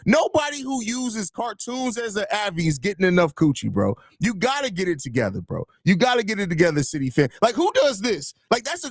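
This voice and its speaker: Casting: young guy, podcast host, high voice, loose profane banter, dry close mic. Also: no room sound. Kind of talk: casual live-stream chat.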